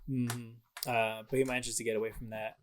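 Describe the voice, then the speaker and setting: A young man co-hosting a podcast, excitedly retelling a video game's plot in casual chat and swearing freely. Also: medium pitch, a little fast. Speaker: podcast co-host.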